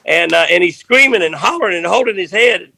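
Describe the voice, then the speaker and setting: An older man, telling a rambling fishing story in a folksy, animated way. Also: high voice, a little fast, vocal fry, a little hiss or hum. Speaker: fishing guest.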